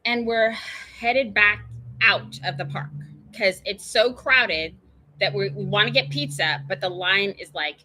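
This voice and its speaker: Bright-voiced woman telling a rambling story. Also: medium pitch, measured pace. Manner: chatty, meandering, full of tangents and fillers. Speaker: show host.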